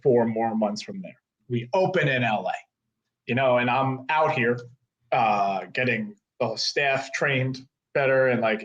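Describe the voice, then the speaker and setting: A man in his thirties, a guest telling a story in casual, animated chat, full of "like" and casual swearing. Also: medium pitch. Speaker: guest, co-owner of a fight-gear retailer.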